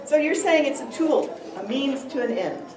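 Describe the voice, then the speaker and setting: A woman's voice: sits high, expressive, moderate pace. A woman performing reader's theater, reading a scripted dialogue with a questioning manner in a conference room. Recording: echoey room from far off, noisy.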